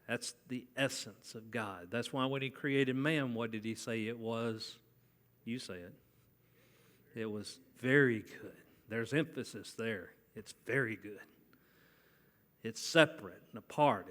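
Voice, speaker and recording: A man's voice: medium pitch, fairly bright tone. A man preaching a sermon in a conversational way, often asking the congregation questions. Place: church sanctuary. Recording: long church hall reverb.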